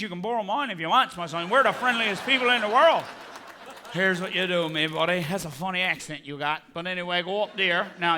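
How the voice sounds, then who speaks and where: A man's voice: high voice, pushed and bright, voice pushed down. A man playing a chatty, profane older Newfoundland man giving rambling directions, with a Newfoundland accent. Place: theatre stage.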